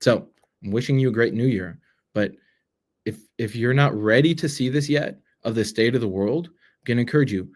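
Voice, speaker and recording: Guy doing a self-help pep talk to camera, mid pitch, earnest, keeps saying right?. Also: a little fast. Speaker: self-development coach. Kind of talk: direct-to-camera motivational talk.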